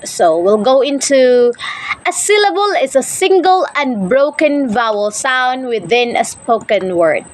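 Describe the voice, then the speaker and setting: A woman with a fairly high voice teaches English, slowing down to sound out each syllable of a word. She restarts often and leans on filler words as she explains. Faint noise hums behind her. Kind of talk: explaining a lesson.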